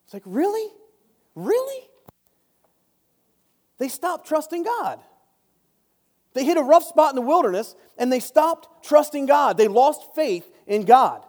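A man's voice: very high voice, lively intonation, a little slow, a little mellow. A man giving a casual Bible study talk, chatty and joking, often breaking off into asides. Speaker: Bible teacher. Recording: long reverb.

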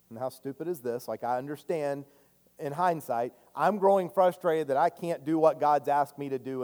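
Earnest pastor preaching in a reverberant church. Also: male voice, medium pitch. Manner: earnest, confessional, swinging from loud to hushed. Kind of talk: sermon. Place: church sanctuary. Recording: long hall reverb.

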